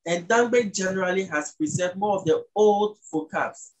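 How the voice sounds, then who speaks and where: A speaker from Ghana, patiently explaining the language as an interview guest and slowing down to sound out words. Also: medium pitch, low-quality recording. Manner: teacherly, slows down to sound out words.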